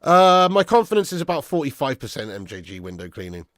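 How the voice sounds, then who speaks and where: A man's voice: medium pitch, very animated, fast, fairly bright tone, dry recording, clean studio sound. A young man hosting a football fan live stream, reading viewer comments in casual banter. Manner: casual, banter, laughs often, calls viewers lad and mate. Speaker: football fan channel host.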